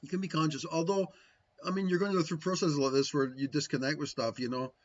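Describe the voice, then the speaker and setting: Casting: man, slightly higher voice, meandering spiritual talk, dull lo-fi recording. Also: little pitch movement, fast talker. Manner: rambling, frequent "right?" tags, musing. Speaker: spiritual teacher answering viewers. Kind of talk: casual livestream talk.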